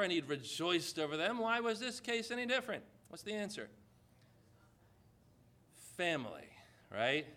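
A man preaching a sermon, retelling a scripture story with slow, emphatic pauses and rhetorical questions. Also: fairly high pitch, pushed and bright.

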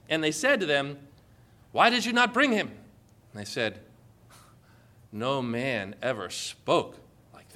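A man preaching a sermon in a high, bright voice. He reads scripture with force and drops in sarcastic asides. His delivery stays bold and emphatic throughout. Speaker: pastor.

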